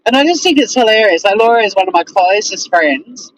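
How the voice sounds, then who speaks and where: An expressive mid-range woman's voice moves fairly quickly; the highs are cut off and there's a little hiss or hum. She's a streamer doing loose livestream chat, reading comments from viewers. Blunt and exasperated, she swears without restraint and laughs a lot.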